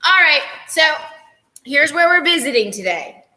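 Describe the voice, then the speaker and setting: A woman's voice: sits high, big pitch swings, moderate pace, sharp tone, big-room sound. A woman teacher running a playful morning meeting for children, humming little tunes and teasing herself as she goes. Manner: playful, self-teasing, hums and sings little transition tunes.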